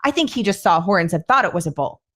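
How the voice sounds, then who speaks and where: A woman podcast host telling a story in casual conversation, animatedly acting out what others said. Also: fast talker. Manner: animated, acts out quoted voices with rising pitch.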